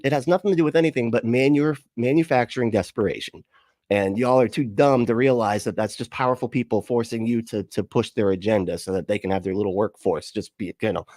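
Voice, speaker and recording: A man's voice: fairly low pitch, a little mellow, no room sound. A man ranting and laughing through live reaction commentary, profane and exasperated, on a close mic. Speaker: commentary streamer.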